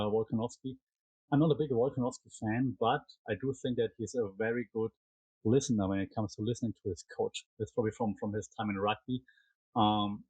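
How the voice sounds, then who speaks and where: A man's voice: medium pitch, a little mellow, husky, no room sound, rough recording. A man with a German accent giving a casual solo recap of fight results, chatty and rambling with frequent fillers and restarts. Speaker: MMA commentary podcaster.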